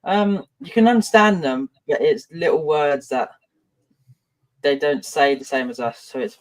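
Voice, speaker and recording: Relaxed Southern English man, a bit hesitant. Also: on the high side, a little slow, low-quality recording. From Kent, England. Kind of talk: casual chat.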